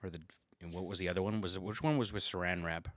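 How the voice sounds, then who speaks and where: A man's voice: low-pitched, rapid-fire, no echo, clean studio sound. A man in casual, profane chat among friends, loose and laughing often.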